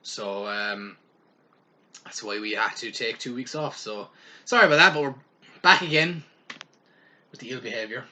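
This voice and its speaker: Young Irish man, casual co-host, rambling chat with a bright edge. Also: medium pitch, normal speed, long pauses. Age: young adult. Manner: rambling, laughing, swearing. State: eating while talking. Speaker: podcast co-host.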